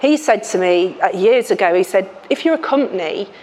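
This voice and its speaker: A woman's voice: mid-range voice, expressive, fairly quick, darkish tone, a little hiss or hum. A middle-aged woman with a Liverpool accent, a health journalist speaking frankly and chattily to a live audience, with plenty of restarts. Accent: Liverpool (Scouse). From Liverpool, England. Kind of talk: book launch talk to a live audience. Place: lecture room with audience.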